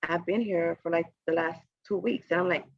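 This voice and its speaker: A woman appears as a guest on a podcast, telling a personal story in a casual interview at normal speed with vocal fry and fairly even intonation. She acts out the voices in her story with big jumps in pitch and often laughs while talking. The recording is dry and slightly dull, with no room sound.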